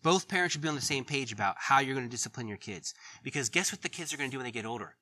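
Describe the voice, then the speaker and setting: A man's voice: medium pitch, animated, very fast, pushed and bright. A middle-aged man preaching in an earnest, conversational way, laughing now and then at his own stories. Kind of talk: sermon.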